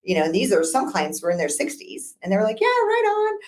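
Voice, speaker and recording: A woman's voice: fairly low pitch, quick pace. A woman guest on a business podcast, a broker talking casually and laughing often as she tells stories. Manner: chatty, laughs often, lively storytelling.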